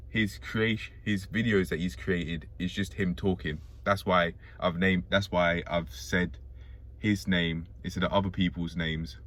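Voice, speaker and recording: A man's voice: low-pitched, fairly bright tone. A man vlogging from inside a car, rambling aloud to himself in a musing, profane, joking way. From Britain. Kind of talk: rambling self-talk monologue.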